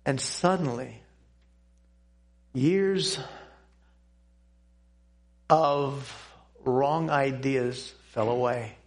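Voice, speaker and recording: An older man with a gravelly, creaky voice shares a personal testimony. He talks earnestly and haltingly, pausing and restarting as he goes, and his pitch sits in a middle range. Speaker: Christian speaker giving a testimony.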